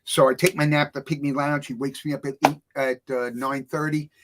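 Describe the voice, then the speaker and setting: A middle-aged man, a guest on a talk show, telling a story with lively voices for the people in it. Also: a little fast, noisy background. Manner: acts out voices in his stories, big swings in pitch and loudness. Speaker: author and music producer guest.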